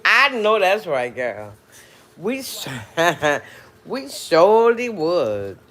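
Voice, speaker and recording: A woman's voice: on the low side, sing-song, drawn-out words, a bit bright, slight background noise. A woman with a New Orleans accent chatting casually to her livestream viewers, drawling and dropping frequent mm-hmms. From New Orleans, Louisiana. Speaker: livestream host.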